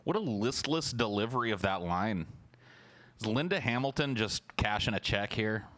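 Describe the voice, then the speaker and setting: A man's voice: expressive, normal speed, fairly bright tone, a little hiss or hum. A man hosting a casual livestream, reacting to a trailer with sarcastic, mocking, profane commentary. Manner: mimics lines in exaggerated high voices.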